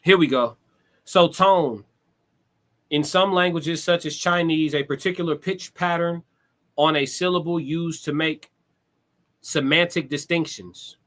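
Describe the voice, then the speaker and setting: A young man talks loosely and thoughtfully to his live chat. His voice sits a touch higher than most men's, and he drops casual curse words as he goes. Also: measured pace, long pauses, a bit bright. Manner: conversational, reflective, swears casually. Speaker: livestream host. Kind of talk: casual live-stream monologue.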